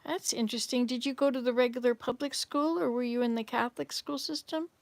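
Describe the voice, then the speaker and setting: Chatty older woman, highish voice. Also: steady tone, a little fast, gravelly, no room sound. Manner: chatty, rambling, answers viewers' comments. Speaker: livestream host reading chat. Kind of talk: casual live chat. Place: home, in Canada.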